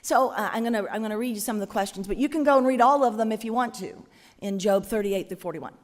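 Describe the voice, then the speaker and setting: A woman preacher giving a sermon in a conversational, musing way, often pausing and hesitating. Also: medium pitch. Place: church. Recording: long church reverb.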